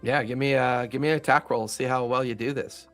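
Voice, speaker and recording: A man running a tabletop game as game master, narrating in an animated, laughing way. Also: mid-range voice, brisk, no room sound, soft background music.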